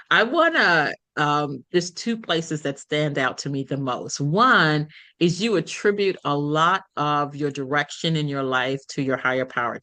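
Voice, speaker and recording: Woman interviewer, deep voice, affirming, sets up the next questions. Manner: warmly affirming interviewer who lays out the next topics. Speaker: interview host.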